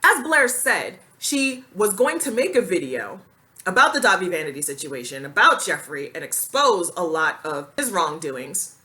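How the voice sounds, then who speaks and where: Woman ranting to camera, blunt and fired up, bright voice that swings up and down a lot. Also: fairly low pitch, big pitch swings, moderate pace. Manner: indignant, blunt, slangy. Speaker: commentary vlogger. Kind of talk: casual commentary vlog.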